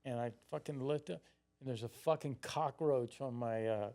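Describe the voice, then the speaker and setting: A man in his sixties tells a long, loose story as a podcast guest. He curses freely and slips into the voices of his younger self. His pitch sits in a middling range for a man. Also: normal speed, dark tone. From Florida, United States. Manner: rambling, heavy swearing, acts out his own past lines. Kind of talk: casual storytelling.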